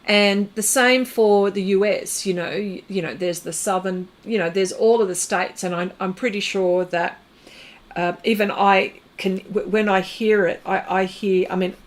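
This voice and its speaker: A woman's voice: mid-range voice, fairly even intonation, unhurried. A middle-aged Australian woman hosting an art livestream, chatting casually and rambling with viewers, full of fillers and restarts. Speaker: artist livestream host. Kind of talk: casual chat with live viewers.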